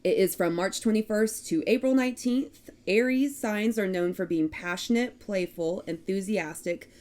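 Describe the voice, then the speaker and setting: A woman with a Texan accent, co-hosting a casual chat and reading through lists of traits in a steady cadence. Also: medium pitch, normal speed. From Texas. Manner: reads list of traits in a steady cadence, laughs at herself. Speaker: podcast co-host.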